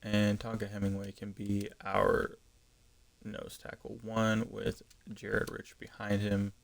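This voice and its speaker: A man with a gravelly, slightly low voice talks casually through a live stream. He thinks out loud, pausing on ums and correcting himself as he goes. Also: completely flat delivery. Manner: thinking aloud, frequent ums and self-corrections. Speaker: gaming streamer.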